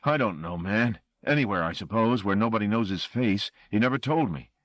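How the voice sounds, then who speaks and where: A man's voice: on the low side, animated, fairly quick, a bit bright, no room sound, dull audio, voice pushed up. A man reading an audiobook voices a frightened male chauffeur who blusters and pleads. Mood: pleading.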